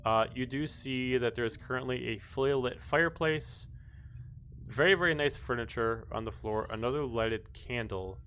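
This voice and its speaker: A man acting as game master, describing scenes and calling for dice checks in a loose, relaxed way. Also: mid-range voice, normal speed, a little hiss or hum. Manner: relaxed, loose narration with fillers.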